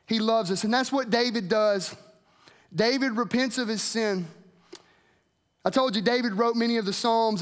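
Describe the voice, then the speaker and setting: A man's voice: sits high, big-room sound. A man preaching a weekend sermon as pastor, earnest, lifting and dropping his voice for emphasis.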